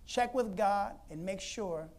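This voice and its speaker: A woman preacher telling a Bible story in an animated, conversational sermon, laughing often. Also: medium pitch, slow.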